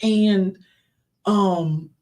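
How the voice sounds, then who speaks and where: A woman's voice: mid-range voice, drawn-out words. Emotional woman telling a faith story. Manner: emotional, animated storytelling addressing listeners directly. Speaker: podcast host. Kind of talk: casual faith testimony talk.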